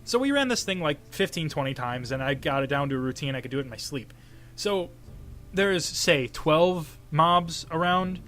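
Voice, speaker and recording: A young man co-hosting a casual gaming podcast, telling stories in an animated way, acting out what people said and laughing often. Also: on the high side, normal speed, a little hiss or hum. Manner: animated storyteller, acts out quotes with a raised voice, laughs often. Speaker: podcast co-host.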